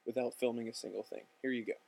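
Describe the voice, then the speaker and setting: A young man casually telling a storyboard film scene by scene in slangy talk, jumping into loud, high-pitched voices for the characters. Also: little pitch movement, quick pace, vocal fry, husky. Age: young adult. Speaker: student filmmaker narrating a storyboard. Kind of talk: casual storytelling with acted-out dialogue.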